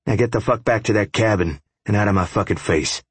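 A man voicing a hostile, crude biker in an audiobook, speaking fast in a low, clipped, spitting way. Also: breathy edge, no room sound. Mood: seething.

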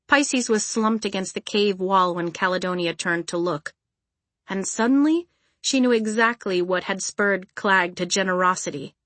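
A woman's voice: medium pitch, no room sound. Woman narrating an audiobook, dry and close. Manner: even, measured storytelling. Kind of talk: scripted narration. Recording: dry close studio recording.

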